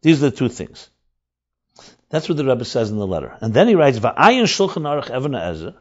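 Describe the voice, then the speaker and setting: A man's voice: mid-range voice, sing-song, a little fast. A man teaching as a rabbi, explaining texts emphatically, repeating and rephrasing key words, with Hebrew terms mixed in. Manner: mixes in Hebrew and Aramaic terms. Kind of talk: explanatory Torah lecture. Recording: dull lo-fi recording.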